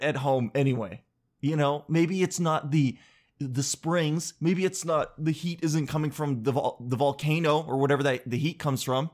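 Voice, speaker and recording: Rambling, joking man with a higher voice. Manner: rambling, joking, self-interrupting, swears casually. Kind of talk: casual comedic storytelling monologue.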